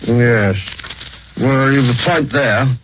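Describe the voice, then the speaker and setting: A man's voice: medium pitch, slow pace, a little hiss or hum, close to an everyday voice. A man playing a short, stiff middle-aged Englishman with an English accent who disapproves of everything, in a 1940s radio drama on a dull old recording. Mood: disapproving.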